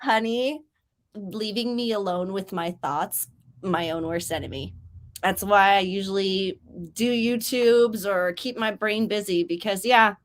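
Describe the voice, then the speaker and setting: Her voice medium in pitch and her pace measured, a woman raised near Mexico runs a relaxed writing sprint livestream. She stays chatty and cheerful, reading out comments from viewers.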